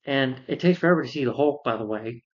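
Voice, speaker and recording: A man's voice: mid-range voice, quick pace, muffled recording. A man rambling through an exasperated movie review rant, full of fillers and restarts.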